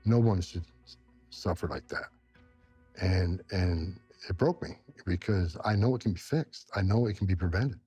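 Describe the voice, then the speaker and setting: A man's voice: deep voice, a little mellow, husky. A middle-aged man from upstate New York, a former immigration enforcement director, giving intense, emotional interview answers and repeating himself when moved.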